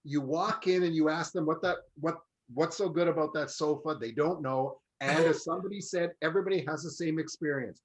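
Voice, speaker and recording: A man co-hosts a relaxed group chat, with a voice pitched a little high. He talks in long, storytelling runs and mimics people as he goes. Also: fairly quick, few pauses, rough recording. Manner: chatty, storytelling, mimics salespeople. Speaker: co-host. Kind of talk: casual panel chat.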